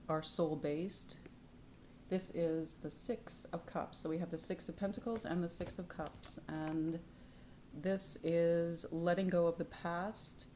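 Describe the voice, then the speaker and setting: Low-voiced woman giving a tarot reading. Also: slight background noise. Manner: soft-spoken, drifting into whispers; lively and laughing when telling stories. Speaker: tarot reader. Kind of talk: spiritual tarot reading vlog. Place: home in Canada.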